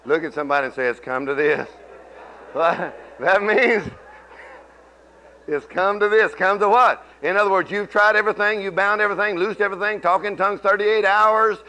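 The pastor's sermon leans on down-home stories, and his voice shifts from hushed murmurs to shouts. He speaks a little fast.

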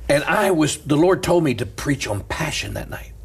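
A middle-aged man, a pastor, telling a story in an animated, preacher-like way and laughing as he goes. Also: on the high side, moderate pace, breathy edge. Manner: lively, laughs through stories, preacher's cadence.

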